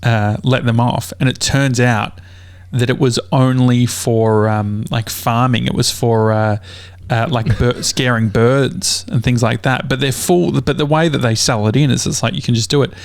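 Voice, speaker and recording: A man's voice: mid-range voice, fairly even intonation, normal speed, vocal fry, few pauses, no room sound. Australian guy, young, chatty podcast host, swears freely, dry close mic. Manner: rambling storyteller, swears a lot, many fillers. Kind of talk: casual chat.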